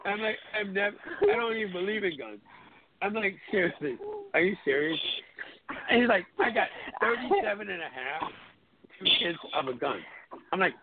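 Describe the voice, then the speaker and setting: Lively man on a noisy phone line. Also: high-pitched, normal speed, crowd noise. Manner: animated, swears often, quotes friends in lively voices. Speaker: call-in show host. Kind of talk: casual storytelling chat. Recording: phone-line audio with hiss.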